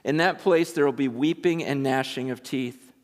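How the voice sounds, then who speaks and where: A man's voice: medium pitch, moderate pace. A man preaching a sermon in a conversational, emphatic way, retelling scripture in everyday speech. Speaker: pastor. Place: large meeting room with an audience. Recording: long reverb of a large hall.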